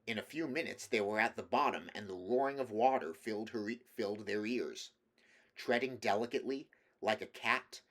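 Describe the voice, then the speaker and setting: A man reading a novel aloud at a measured pace, with small slips and restarts. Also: fairly low pitch, a bit bright. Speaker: audiobook reader.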